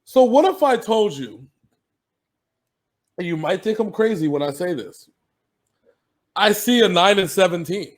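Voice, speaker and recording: A man's voice: high-pitched, lively intonation, unhurried, long pauses. A man co-hosting a sports podcast, talking casually and animatedly, laughing and swearing freely.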